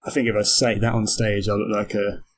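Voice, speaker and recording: A man's voice: lowish voice, flat delivery, a little fast. A British man, a comedian co-hosting a podcast, thinking aloud in a casual chat with many fillers. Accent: British English. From Britain.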